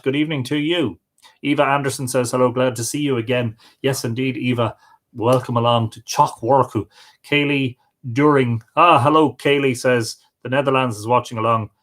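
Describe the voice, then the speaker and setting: A man hosting a livestream, reading out viewer comments in a casual, friendly way and greeting each viewer by name. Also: medium pitch. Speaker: livestream host.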